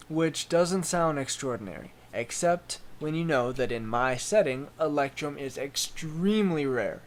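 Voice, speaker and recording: A man's voice: on the high side, slight background noise. A man, the game master, casually recapping a tabletop campaign with lots of ums. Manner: relaxed, filler-laden storytelling.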